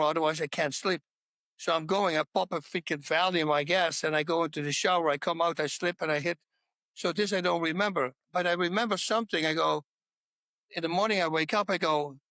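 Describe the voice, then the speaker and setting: A man who is a podcast guest, telling animated stories in casual chat, laughing mid-sentence and restarting words as he goes. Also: a little high, no room sound.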